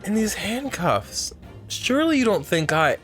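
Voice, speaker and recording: A man commentating a game playthrough in a dramatic, excitable way, often breaking into laughter. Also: high voice, measured pace, faint music behind. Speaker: game streamer. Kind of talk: let's play commentary.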